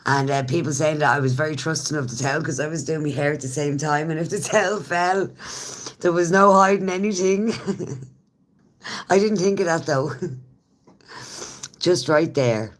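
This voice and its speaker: A woman's voice: sits low, normal speed, pauses often. An Irish woman and smoker chatting casually with viewers on a live stream, laughing often as she talks. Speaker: livestreamer.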